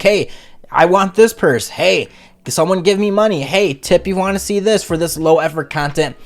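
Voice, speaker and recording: A man hosting a comedic review vlog, talking in a crude, profane, rambling rant. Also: on the high side. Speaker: channel host, reviewer.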